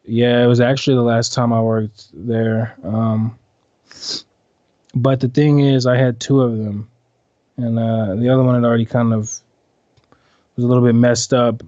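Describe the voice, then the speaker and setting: A man's voice: mid-range voice, level tone, normal speed, pauses often, warm tone, no echo. A man chatting casually on a podcast, talking in a laid-back, rambling way. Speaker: podcast guest and club dancer. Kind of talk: casual chat. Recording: dull, dry sound.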